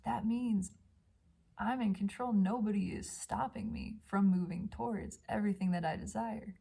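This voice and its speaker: A woman gives an intuitive tarot reading at home, gushing over the cards in a dreamy way. Her voice is gravelly and breathy, sitting at an ordinary middle pitch. She drifts between warm talk and soft, hushed whispers. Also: steady tone, normal speed. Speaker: tarot reader. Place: home by a balcony.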